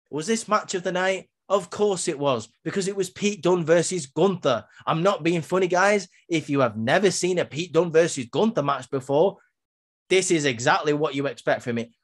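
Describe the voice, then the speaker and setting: A man's voice: on the high side, animated, moderate pace, a bit bright. Chatty man reviewing a wrestling show. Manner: chatty, many filler ums, acts out quotes. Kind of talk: casual recap and opinion.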